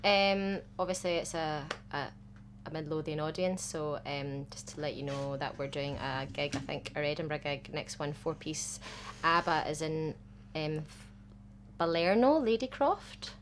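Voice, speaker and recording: A woman guest on a radio interview, friendly and hesitant, often pausing with filler sounds. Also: sits low, level tone, fairly bright tone, slight background noise. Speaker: tribute band organiser. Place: radio studio.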